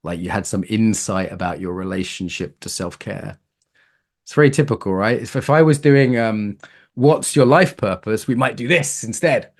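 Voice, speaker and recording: Workshop leader, British man, playful and animated, talks to a live room. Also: fairly low pitch, normal speed. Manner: lively, animated, playful, asks the room questions. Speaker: embodiment coaching teacher.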